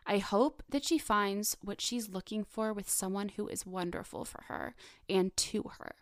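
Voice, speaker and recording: A woman co-hosting a podcast in casual, enthusiastic chat with quick asides. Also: mid-range voice, no room sound, studio quality. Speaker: podcast co-host.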